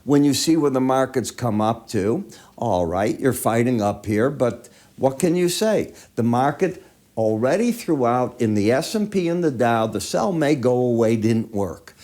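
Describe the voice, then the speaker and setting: A man's voice: medium pitch, lively intonation, unhurried, a little mellow. A man with allergy sniffles giving conversational chart-by-chart market commentary, asking the viewer rhetorical questions.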